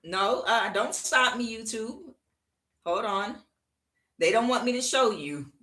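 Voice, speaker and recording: Bright-voiced woman reading tarot. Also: on the high side, lively intonation, measured pace. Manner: chatty, emphatic, frequent fillers. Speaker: tarot reader.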